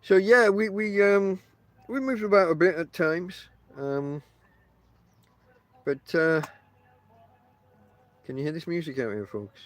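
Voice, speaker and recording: A man's voice: fairly high pitch, slow pace, long pauses. A middle-aged man with a mixed Yorkshire and Lancashire accent, hosting a casual podcast and rambling through his stories with many ums and restarts. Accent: northern English, mixed Yorkshire and Lancashire. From England. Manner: meandering, chatty, many ums and restarts, addresses listeners directly. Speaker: podcast host. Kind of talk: casual rambling monologue to listeners. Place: outdoors on the coast.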